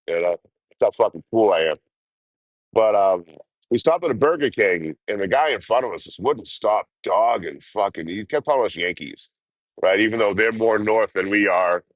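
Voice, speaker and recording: A low-voiced man rambles through a story on a livestream, cursing freely and laughing often. The sound is close and dry. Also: no echo. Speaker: vlogger. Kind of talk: casual livestream chat and storytelling.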